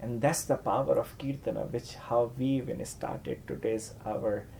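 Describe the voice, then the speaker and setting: A man's voice: medium pitch, steady tone, measured pace, vocal fry, dark tone, a little hiss or hum. A man giving a devotional lecture, telling a story and acting out the characters' lines, with frequent "you know" and "huh?" tags. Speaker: spiritual teacher.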